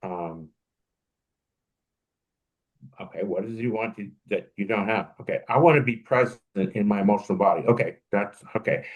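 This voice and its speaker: This podcast co-host is a man whose fairly low voice moves at a fairly quick clip, captured with phone-quality sound. The talk is a casual conversation where he reflects out loud and frequently starts his sentences over.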